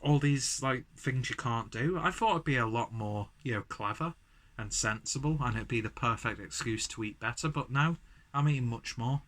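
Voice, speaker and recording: At a moderate pace, with a medium-pitched, fairly bright voice, a man reviews a beer at home in a casual vlog. He's a bit buzzed, rambling and self-deprecating, framed chest up and picked up on the camera mic.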